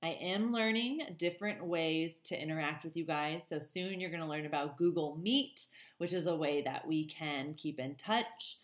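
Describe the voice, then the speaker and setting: Low-voiced teacher reading aloud. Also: female voice, normal speed, roomy sound. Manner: warm, chatty, many ums. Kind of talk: reading a children's novel aloud and chatting to students.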